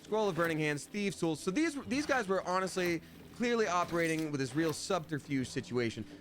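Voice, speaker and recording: A man with a slightly high, sing-song voice talks briskly while streaming a fantasy video game, with a faint hiss or hum in the audio. He chats casually and playfully with his viewers in a livestream commentary, often jumping into silly voices.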